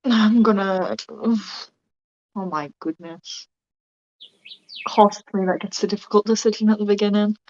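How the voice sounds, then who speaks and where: A woman taking part in a tabletop role-play, speaking hesitantly with frequent stammers. Her voice sits at a middle pitch. The recording is dull and lo-fi. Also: fairly even intonation, measured pace, pauses often, darkish tone. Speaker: player. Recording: dull lo-fi mic.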